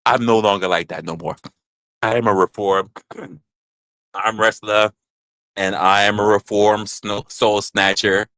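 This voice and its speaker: A livestream host acting out a boastful reformed soul snatcher confessing to a support group, with a slangy drawl. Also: male voice, fairly low pitch, fairly even intonation, unhurried, pauses often, a bit bright, dry recording, voice pushed down, low-quality recording. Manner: swaggering, drawling storyteller with street slang. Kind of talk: comedic improvised skit on a livestream.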